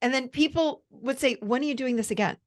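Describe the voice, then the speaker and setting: A woman's voice: sits high, fairly quick. A woman therapist and coach speaking as an interview guest, earnest and enthusiastic. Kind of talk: casual interview chat.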